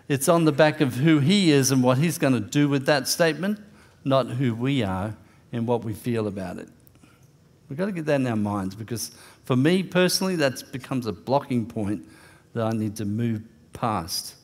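Male pastor, mid-pitched voice, earnest conversational sermon with light humor. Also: normal speed. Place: church.

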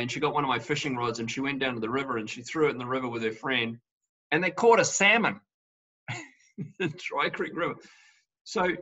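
A winemaker chatting casually over a video call, telling stories and jokes with a laugh. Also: male voice, medium pitch. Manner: relaxed storyteller, laughs through his jokes. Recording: muffled lo-fi video call audio.

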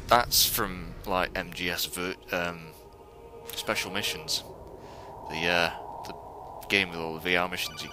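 A young man commentating a stealth video game for viewers, excitable and swearing as he plays. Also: sits low. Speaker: gamer playing a stealth game. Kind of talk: let's play commentary. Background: game music.

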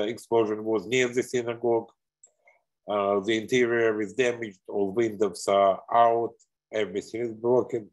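A man speaking as an art historian in a webinar over a video call, emotional and struggling to stay composed, halting and full of fillers. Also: medium pitch, low-quality recording. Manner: halting, searching for words, many fillers. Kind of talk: webinar talk answering audience questions.

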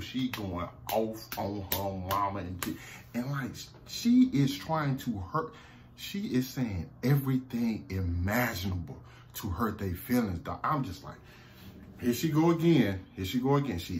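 A man with a Southern American accent recapping a TV episode in a casual, excited, profane way, laughing often, slumped low in a seat at home. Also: a little hiss or hum. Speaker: TV review vlogger.

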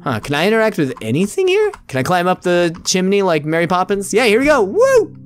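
A man's voice: high-pitched, wildly swooping pitch, fairly quick, faint music behind. A man hosting a let's play video, joking around and talking to viewers as friends while he plays. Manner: playful, jokey, often addresses viewers as friends. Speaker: gaming video host.

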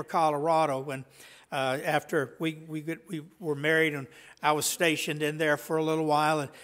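Male pastor, high voice, casual halting sermon delivery, long church reverb. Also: fairly bright tone. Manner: conversational, halting with restarts and fillers. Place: church sanctuary.

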